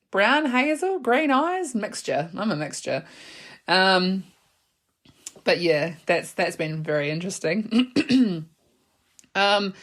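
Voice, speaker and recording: A woman in her thirties with a New Zealand accent, hosting a casual solo podcast, rambling in a frank, slangy way and laughing often. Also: mid-range voice. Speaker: podcast host.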